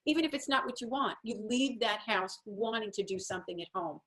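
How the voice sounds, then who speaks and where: A woman's voice: a little high, expressive, brisk, a bit bright. A woman home-organizing coach giving a chatty, encouraging talk while sharing her screen. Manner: chatty and encouraging, acts out little quoted voices.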